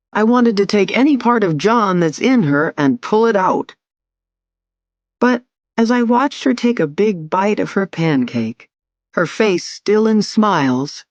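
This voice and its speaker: A woman narrating a first-person audiobook in a measured, expressive way. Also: lowish voice, no room sound, lo-fi sound.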